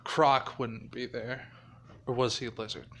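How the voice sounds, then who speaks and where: A man's voice: mid-range voice, steady tone, a little slow, fairly bright tone, slight background noise. A man casually improvising a fan-fiction story, swearing freely and chuckling.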